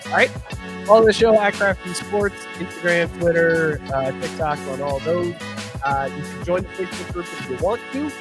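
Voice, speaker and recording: A man's voice: fairly high pitch, moderate pace. Laid-back male podcast host, music behind. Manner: rambling, laid-back, laughs often. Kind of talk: casual chat.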